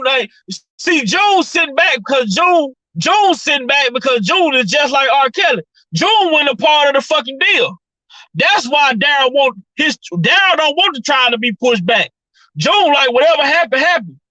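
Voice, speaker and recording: Fired-up, high-voiced woman ranting. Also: pushed and bright, no room sound, rough recording. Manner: profane, repetitive, fired-up. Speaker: commentary vlogger. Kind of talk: heated opinion rant.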